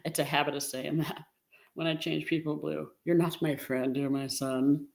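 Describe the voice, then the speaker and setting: A woman's voice: low voice, flat delivery, normal speed, vocal fry, a little mellow. A middle-aged woman hosting a casual live stream and talking directly to her viewers in a chatty way. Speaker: live-stream host and reseller.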